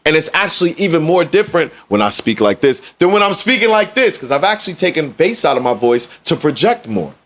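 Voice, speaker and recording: A man's voice: a little high, big pitch swings, fairly quick, few pauses, a bit bright. A man co-hosting a podcast in casual discussion, emphatic and repetitive for effect. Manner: emphatic, preachy, repeats phrases for effect. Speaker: podcast co-host.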